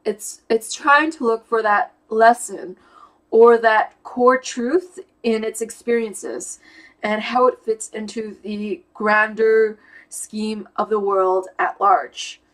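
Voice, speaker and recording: A young woman talks casually to camera about her personality type, her voice fairly high with fairly even intonation, and she takes it slowly. The audio is poor. Thinking aloud, she searches for words to explain how her mind works, using fillers and restarting sentences.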